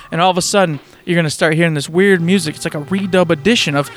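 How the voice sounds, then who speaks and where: A man co-hosting a casual chat, telling an animated story, acting out voices and laughing often. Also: a little high, fast, hardly any pauses, soft background music.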